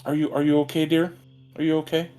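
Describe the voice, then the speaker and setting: A man voicing a gentle, doting woman who hosts guests at her table, hesitant and full of restarts. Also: mid-range voice, expressive, faint music behind. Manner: hesitant, restarts often, drawn-out words. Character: gentle motherly woman host, doting creator.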